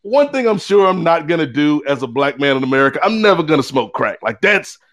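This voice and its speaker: Guy telling a wild story on a podcast, kinda high voice, acts out everyone. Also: brisk. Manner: lively, acts out quoted voices with big pitch swings. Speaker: guest co-host. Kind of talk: animated storytelling.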